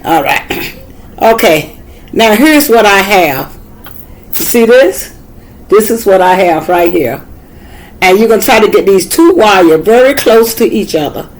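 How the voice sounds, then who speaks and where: A woman's voice: medium pitch, expressive, unhurried, pauses often, poor audio. An older woman with a Southern US accent giving a casual, folksy how-to demonstration, chatting and repeating herself as she works. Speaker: craft tutor.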